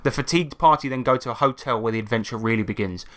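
A man co-hosting a casual podcast, telling stories with lots of animation and quick laughs. His voice is bright and forward. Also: mid-range voice. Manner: animated storyteller, laughs often. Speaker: podcast co-host. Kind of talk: casual chat, reading out listener stories.

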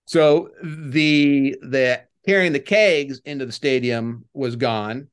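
An older man, a former baseball coach, chatting as a podcast guest and telling rambling stories that get animated when he retells crowd chants. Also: mid-range voice, slow pace, smooth. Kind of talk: casual podcast interview, storytelling.

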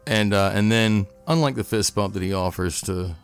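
A man's voice: lowish voice, moderate pace, clean tone, faint music behind. A man playing a tabletop game, describing his character's actions casually with many fillers. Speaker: player.

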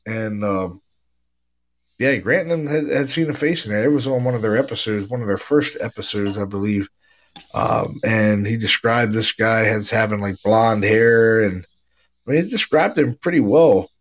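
A man's voice: lowish voice, normal speed. A man hosting a podcast, telling ghost stories in a laid-back, casual way, with a stuffy nose and lots of "man" and "dude.". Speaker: podcast host, paranormal investigator. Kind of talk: casual chat.

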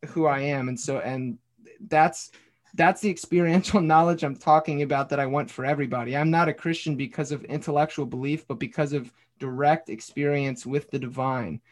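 On a casual podcast, an ex-pastor now working as a bartender reads aloud from his journal, earnestly recounting something personal. His voice is on the high side and his speed normal, and he sometimes swears and says "dude" and "like."

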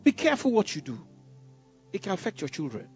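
An emphatic male pastor preaches with a high, husky voice that swings widely in pitch. He laughs often. The recording is dull and lo-fi, with faint music behind him. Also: wildly swooping pitch, fast talker, a little mellow. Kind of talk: sermon.

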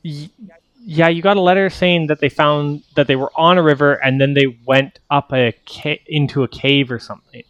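A man's voice: a little high, steady tone, normal speed, fairly bright tone, smooth, no room sound, highs cut off. A man narrating as game master, rambling and correcting himself as he explains the scene.

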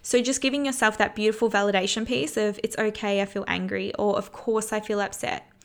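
A woman's voice: medium pitch, steady tone, brisk. A woman hosting a self-help podcast, talking earnestly in a casual coaching tone and swearing freely. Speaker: podcast host.

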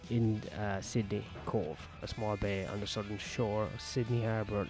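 A man with a lowish, dark and mellow voice rambles through a casual vlog, cracking crude jokes and swearing freely. He is outdoors on a back patio with faint music in the background. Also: steady tone, measured pace, hardly any pauses. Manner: crude, profane, joking. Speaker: stand-up comedian.

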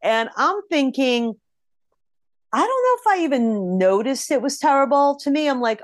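A woman's voice: a little high, big pitch swings, moderate pace, no echo, studio quality. A woman co-hosting a podcast, chatting casually about TV shows with a playful, teasing manner. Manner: playful, teasing, laughs often. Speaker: podcast co-host. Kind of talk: casual TV recap chat.

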